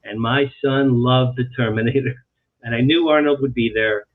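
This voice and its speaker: Man, author guest, animated storyteller, repeats himself for emphasis, mid pitch, tinny phone-line sound. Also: normal speed. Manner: animated anecdote-teller, repeats phrases for emphasis. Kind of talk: storytelling in a talk-show interview.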